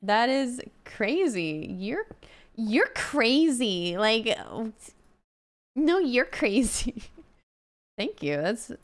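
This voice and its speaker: Playful high-voiced woman streamer. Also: sing-song, extremely slow, long pauses. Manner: playful, talks to viewers and game characters, reads out donations. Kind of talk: casual live-stream chat while gaming.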